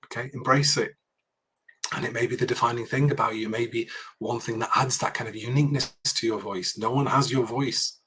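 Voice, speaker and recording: A man's voice: medium pitch, fairly even intonation, brisk, pushed and bright, slight background noise. A man leading a university workshop on public speaking, talking conversationally with frequent "okay"s and restarts.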